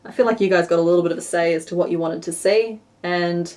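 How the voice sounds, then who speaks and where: A woman's voice: fairly low pitch, steady tone, fast, a little mellow. Young aussie woman, west australian accent, chatty crochet streamer, talks through her work. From Western Australia. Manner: chatty and self-deprecating, narrating her hands-on work. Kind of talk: casual live-stream chat while crafting.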